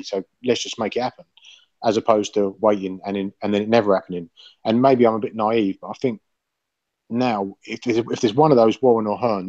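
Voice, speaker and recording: A low-voiced man talks fast in a rambling, sweary way. He hosts a relaxed panel chat and gives his opinions. The sound is dull and lo-fi, in a dry space. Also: dry recording.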